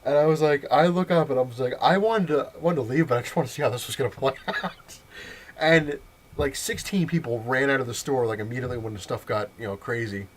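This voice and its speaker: Casual male vlogger, mid-pitched, rambling storyteller who keeps laughing, faint noise behind. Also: brisk. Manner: rambling, full of fillers and restarts; laughs often while telling the story.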